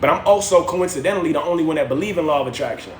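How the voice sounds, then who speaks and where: A man's voice: on the high side, very fast, reverberant, slight background noise. A man hosting a livestream from home, giving a slangy, preachy motivational talk that repeats phrases for effect. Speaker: livestream host.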